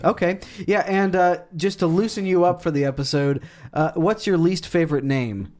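A man hosting a podcast, with a wry, deadpan, teasing way of talking. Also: high voice, moderate pace. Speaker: podcast host. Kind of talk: casual podcast chat.

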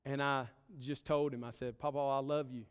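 A man's voice: mid-range voice, little pitch movement, normal speed, clean tone. A man preaching a sermon as pastor, earnest and building his points in short emphatic phrases. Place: church sanctuary. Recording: long reverb of a church hall.

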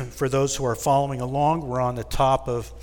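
A man's voice: mid-range voice, little pitch movement, normal speed. Man teaching scripture in a reverberant church. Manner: reads scripture aloud and explains it with casual asides. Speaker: Bible study leader. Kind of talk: Bible study teaching. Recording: long reverb in a church hall.

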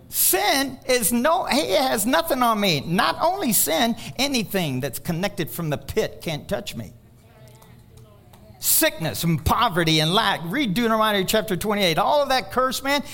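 A male pastor preaching a sermon, swinging from loud exhortation to hushed asides. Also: sits high, sing-song, unhurried, creaky.

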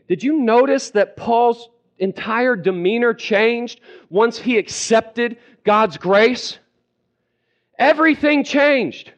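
A high-voiced male preacher gives an emphatic sermon, repeating key phrases and slowing down to dwell on scripture. The recording sounds dull and lo-fi.

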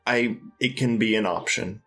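Exasperated low-voiced man bantering. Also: moderate pace, a bit bright, faint music behind. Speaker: podcast co-host. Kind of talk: casual comedy banter.

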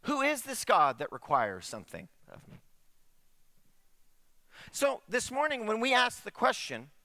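Lively, bright-voiced man preaching. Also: very high voice, unhurried. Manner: conversational preaching with rhetorical questions. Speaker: pastor. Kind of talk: sermon.

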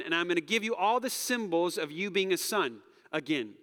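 A man's voice: high-pitched, moderate pace, long reverb tail. A man preaching a sermon in a casual, conversational way, acting out the quotes he reads. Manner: animated, conversational, acts out quotes, drops to soft near-whisper. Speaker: pastor.

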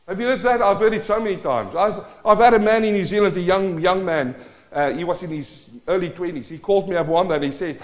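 A man's voice: high voice, quick pace, rough recording. A male pastor preaching a sermon, asking the congregation rhetorical questions and acting out prayers in shifting tones.

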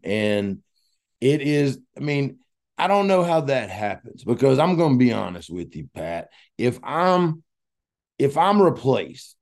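A man's voice: mid-range voice, creaky, a little mellow. A man hosting a casual podcast interview, talking in an enthusiastic, rambling way. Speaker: podcast host and coach.

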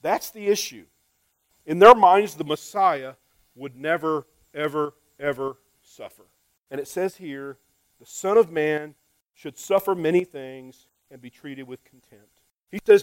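A man's voice: a little high, dry recording, low-quality recording. A male pastor preaching a conversational sermon to his church, often asking rhetorical questions and repeating words.

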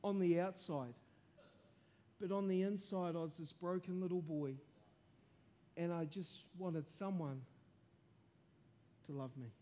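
A man preaching a testimony sermon, telling his story earnestly and building to impassioned shouting. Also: sits high, unhurried, long pauses.

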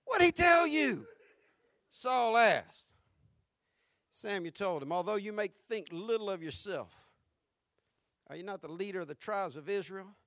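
A male pastor preaching a sermon with fervor, going from hushed tones to shouting and repeating his points. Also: high voice, expressive, unhurried, long pauses, no room sound, clean studio sound. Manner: fervent preaching, swinging from hushed to shouting, with repetition.

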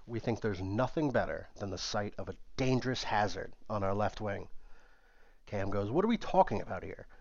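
A man narrating a comedy sketch and voicing several characters, shifting his pitch for each one. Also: no echo. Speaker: comedic storyteller. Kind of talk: comic sketch narration with put-on voices. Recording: dull, muffled dry recording.

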